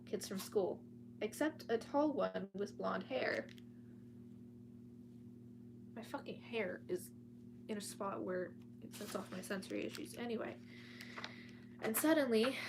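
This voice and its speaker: A woman's voice: mid-range voice, a little hiss or hum. A woman reading a thriller story aloud at home, often stumbling over words and breaking off to chat. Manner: reads with frequent restarts and chatty asides. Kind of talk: casual read-aloud storytime. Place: at home with cats nearby.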